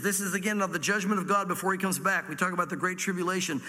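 A man's voice: sits high, fairly even intonation, sharp tone. Male pastor, earnest conversational sermon, echoing church hall. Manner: earnest, conversational, stretches scripture slowly. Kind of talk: sermon with scripture reading.

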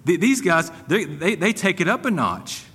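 A man preaching a sermon in an animated, conversational way, with humor and frequent restarts. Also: sits high, normal speed, slightly rough. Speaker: pastor. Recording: long hall reverb.

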